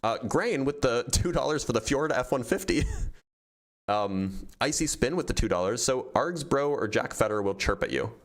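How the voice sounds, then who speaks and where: A man's voice: medium pitch, lively intonation, normal speed. A man hosting a livestream, casually reading out donor messages and answering them with frequent laughs. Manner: reads donor messages aloud, laughs often. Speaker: streamer reading super chats.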